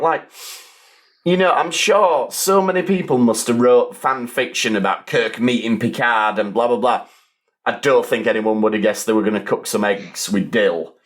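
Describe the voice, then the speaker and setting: A man's voice: medium pitch, moderate pace. A man, hosting a casual podcast roundtable and rambling with dry asides.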